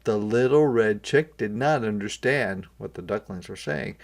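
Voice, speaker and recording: A man, a kindergarten teacher, reading a picture book aloud to young children and pausing to explain words. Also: on the low side, vocal fry.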